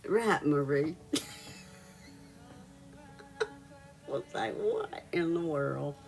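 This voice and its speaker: A woman's voice: deep voice, extremely slow, gravelly, darkish tone, soft background music. A woman hosting a reiki live stream, telling a story in a casual chat with viewers, laughing often and greeting them by name.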